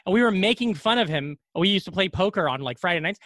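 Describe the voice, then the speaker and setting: A man in his thirties with a high voice, talking fast and laughing easily in casual chat. His talk is full of fillers and quick asides. The recording is close and dry. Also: expressive, a bit bright, no room sound. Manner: quick, chatty, laughs often, lots of fillers like "like" and "yeah".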